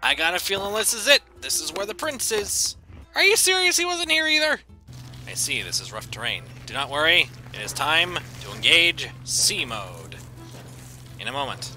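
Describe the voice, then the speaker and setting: A man giving goofy, excitable gameplay commentary, breaking into shouted bits. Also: on the high side, moderate pace. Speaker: gaming YouTuber. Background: game music.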